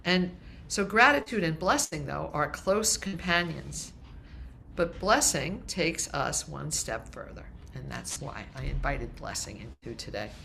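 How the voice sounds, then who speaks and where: A woman minister speaks to her congregation in a relaxed, joking sermon style. Her voice sits low yet has a bright, forceful edge, and a faint hum runs beneath her words. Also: a little slow, gravelly. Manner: light-hearted, conversational, with restarts. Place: congregation meeting hall, also streamed.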